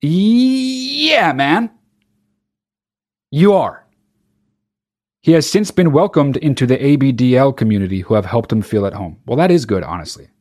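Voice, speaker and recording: A man's voice: medium pitch, animated, normal speed, long pauses, warm tone. A man hosting a comedy commentary show, reading a news article aloud and reacting with sarcastic, profane disbelief. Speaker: show host.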